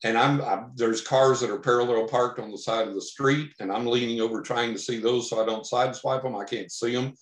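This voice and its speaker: A man from Texas telling a long personal story as a podcast guest, animated, acting out the lines he quotes. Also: mid-range voice, a little fast, hardly any pauses. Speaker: podcast guest, psychic investigator. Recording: roomy echo.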